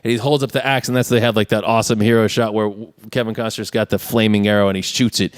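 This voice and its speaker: Casual male podcast co-host, smooth, dry close sound, playful recaps. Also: fairly low pitch, steady tone, quick pace, no echo. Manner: retells scenes with put-on character voices. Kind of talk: casual movie recap chat.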